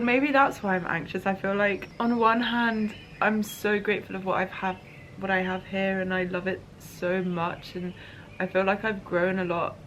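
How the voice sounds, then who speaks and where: A woman's voice: medium pitch, fairly bright tone, slight background noise. Musing, emotional young woman vlogger. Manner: emotional, musing, tearful at times. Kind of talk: reflective voice-over diary.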